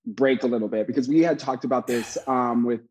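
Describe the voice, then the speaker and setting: A man co-hosting a casual chat, bantering quickly, laughing often and tossing in playful asides. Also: medium pitch, steady tone, a little mellow, slightly rough, poor audio.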